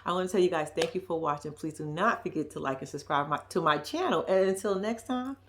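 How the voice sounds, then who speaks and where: A woman's voice: fairly low pitch, fast talker, slight background noise. A woman with giving a blunt, profane, casual recap of a reality show, with laughing asides.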